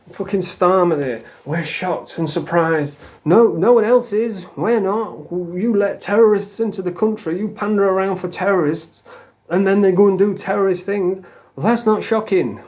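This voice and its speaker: A man's voice: high-pitched, darkish tone. Angry sweary South Yorkshire man ranting. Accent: South Yorkshire English. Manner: angry, heavily swearing, scornful; rambling with mocking put-on voices. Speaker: vlogger. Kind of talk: casual rant to camera.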